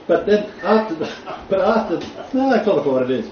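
A man's voice: sits high, animated, fast talker. A man teaching a Bible class in a blunt, joking way, often laughing. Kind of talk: informal lecture. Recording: echoey room from far off, dull, faint noise.

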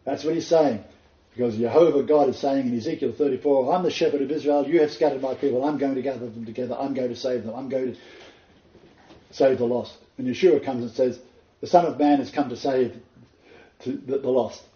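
Quoting scripture dramatically, a man teaches in his role as messianic rabbi and minister. His mid-range voice is steady and mellow, and he speaks fairly quickly, captured in an echoey, dull, lo-fi room.

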